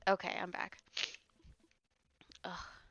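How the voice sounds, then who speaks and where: A woman's voice: slow pace, fairly bright tone, a little hiss or hum. A woman livestreamer chatting casually with her chat, teasing and swearing while she rambles.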